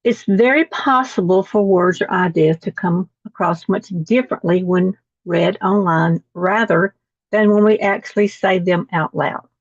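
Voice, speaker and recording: A woman's voice: on the low side, a little slow, no room sound. Woman teacher reading lesson text to a video call class, dull and dry audio. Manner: reads text aloud, repeating words after slips.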